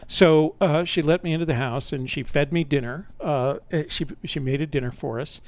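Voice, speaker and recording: A man's voice: on the high side, normal speed, darkish tone, no echo. An older man, a podcast host, telling a personal story in a rambling, conversational way, often correcting himself mid-sentence.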